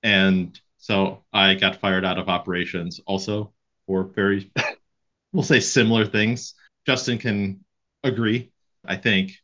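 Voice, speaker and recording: Deep-voiced man hosting a podcast. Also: slow pace, highs cut off. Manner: relaxed, thinking aloud, recommending books. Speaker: podcast host. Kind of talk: casual interview chat.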